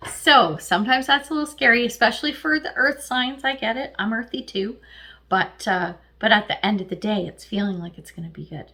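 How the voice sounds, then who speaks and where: A middle-aged woman giving a casual, chatty tarot reading, lively and slangy, often laughing. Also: fairly high pitch, a little fast. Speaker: tarot reader.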